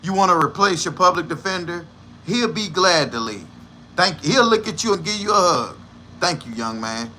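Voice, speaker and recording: A man's voice: high-pitched, animated, brisk, bright, forceful tone, a little hiss or hum. A man hosting a livestream, giving blunt, profane and scornful reaction commentary. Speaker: livestream host.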